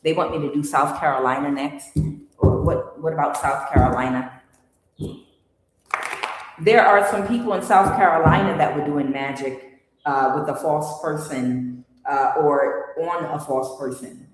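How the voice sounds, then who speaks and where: A woman's voice: low-pitched, a little slow, a little hiss or hum. A woman giving a casual tarot reading, blunt and rambling, with many fillers and restarts. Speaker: tarot reader. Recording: very echoey room with long reverb.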